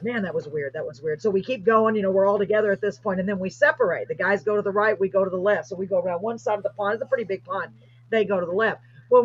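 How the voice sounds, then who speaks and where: Lady host spinning a spooky story, husky voice, kinda muffled lo-fi stream. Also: mid-range voice. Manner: animated, excited retelling. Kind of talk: casual storytelling. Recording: dull lo-fi livestream audio.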